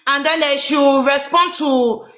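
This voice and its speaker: A woman's voice: high voice, a little slow, fairly bright tone, reverberant. A woman with a Nigerian accent hosting a live stream, flustered and pleading as she switches between English and pidgin.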